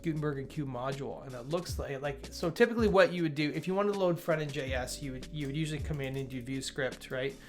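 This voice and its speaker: A man's voice: a little high, fast, hardly any pauses, faint music behind. A man hosting a casual livestream, reading changelog items aloud, greeting chat viewers and rambling with frequent self-corrections. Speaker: livestream host reviewing software updates.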